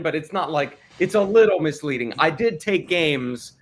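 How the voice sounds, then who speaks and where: An American man telling stories in a casual livestream chat, laughing often and talking with lively energy. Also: a little high, moderate pace, few pauses. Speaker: cast member on a livestream.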